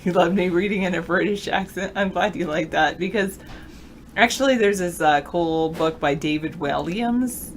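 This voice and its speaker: A woman's voice: on the low side, normal speed, slight background noise. A woman co-hosting a live online show, chatting casually and answering viewer questions aloud. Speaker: show co-host reading chat. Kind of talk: casual live-stream chat.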